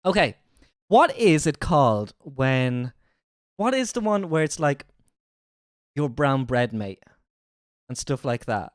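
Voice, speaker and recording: A woman's voice: sits low, big pitch swings, slow pace, pauses often, no echo, clean studio sound. A woman livestreamer chatting casually, laughing, swearing and mimicking accents while reacting to videos.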